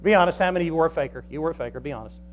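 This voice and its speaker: A man preaching a sermon in a folksy, animated way, swinging between soft asides and loud emphasis. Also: a little high, very fast, slight background noise. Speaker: pastor.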